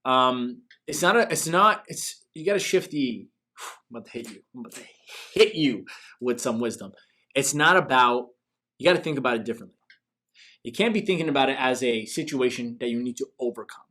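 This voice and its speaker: A man's voice: medium pitch, animated, a little fast, pushed and bright. A man hosting a business coaching show, giving an emphatic motivational talk full of rhetorical questions.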